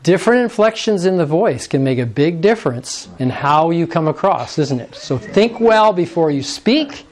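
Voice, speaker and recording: Man leading a group workshop, higher voice. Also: lively intonation, normal speed, few pauses, a little mellow. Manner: coaxing, prompts the audience often. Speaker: workshop presenter. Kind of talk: interactive workshop talk.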